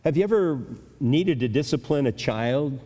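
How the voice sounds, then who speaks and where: An older male pastor teaching a Bible passage in a conversational sermon, pausing and restarting as he thinks aloud. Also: mid-range voice, animated, warm tone. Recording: long reverb of a large hall.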